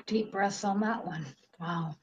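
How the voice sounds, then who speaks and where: Slow-talking Canadian woman, dull audio. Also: mid-range voice, background noise. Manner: reads viewer questions aloud, casual and unfiltered. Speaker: host. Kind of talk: live channeling Q&A.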